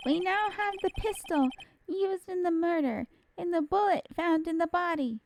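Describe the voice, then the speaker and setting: A woman's voice: very high-pitched, moderate pace, darkish tone, slight background noise, voice pushed up. A woman voicing an arrogant, pompous older male prosecutor in a theatrical reading of a video game. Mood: haughty. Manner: haughty, theatrical. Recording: game music behind.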